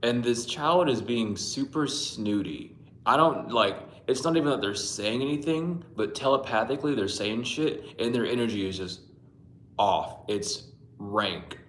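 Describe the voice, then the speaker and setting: A man's voice: mid-range voice, measured pace, fairly bright tone, roomy sound, slight background noise. A man casually telling his dreams on a livestream, rambling and swearing, laughing often and greeting viewers by name. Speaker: livestream host reading dreams. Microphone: Bluetooth mic.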